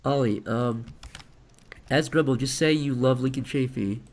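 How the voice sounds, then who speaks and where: A man chatting casually on a livestream, animated, profane and quick to laugh. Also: mid-range voice. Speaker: streamer.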